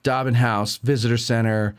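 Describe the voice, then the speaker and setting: A man's voice: medium pitch, level tone, normal speed, smooth. A man hosting a talk show, chatting casually and rambling with many fillers. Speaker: radio show host. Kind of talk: casual chat.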